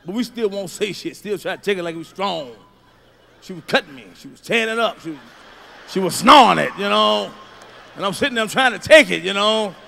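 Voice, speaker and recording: A middle-aged male stand-up comedian doing a profane routine, swinging from low mutters to loud shouts. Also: animated, brisk, vocal fry, slight background noise.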